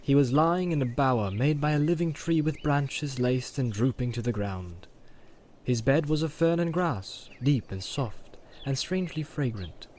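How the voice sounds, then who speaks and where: A man narrating a fantasy story aloud in a steady, measured way. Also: mid-range voice, a little hiss or hum. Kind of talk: audiobook reading.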